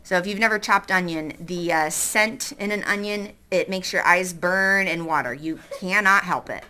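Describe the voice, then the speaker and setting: A woman teacher reads a novel aloud to her class in an expressive way, stopping to ask the students questions. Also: fairly low pitch, moderate pace. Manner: expressive, stops to quiz the class.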